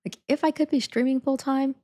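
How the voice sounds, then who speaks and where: A woman's voice: high voice, fairly even intonation, fairly quick, dark tone. A young adult woman chatting casually on a live stream, laughing often, saying "like" a lot and thanking viewers again and again.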